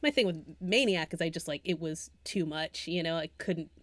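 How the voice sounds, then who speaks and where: A woman co-hosting a podcast, chatting casually about films, animated and often laughing as she trails off into asides. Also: sits low, normal speed. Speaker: podcast co-host. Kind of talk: casual film chat.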